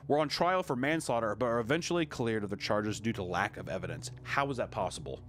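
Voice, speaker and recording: A man's voice: lowish voice, fast talker, slight background noise. A man reading an article aloud and breaking off into joking commentary. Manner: animated, joking asides, mock voices.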